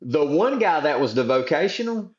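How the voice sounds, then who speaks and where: A man's voice: on the high side, very animated, normal speed, muffled recording. Folksy South Georgia man, roomy sound. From South Georgia, USA. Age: 40s. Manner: folksy storytelling, drawling slang. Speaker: podcast guest. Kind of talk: casual chat.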